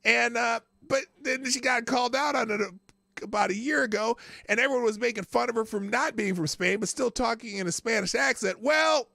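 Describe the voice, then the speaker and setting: A man's voice: very high voice, a little fast, gravelly, pushed and bright, dry recording, studio quality. A male host giving casual live commentary, crude and mocking, often breaking into laughter.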